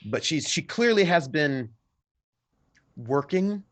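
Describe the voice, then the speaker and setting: A man narrating scenes as game master of a tabletop role-playing game, unhurried and descriptive. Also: on the high side, very animated, fairly bright tone.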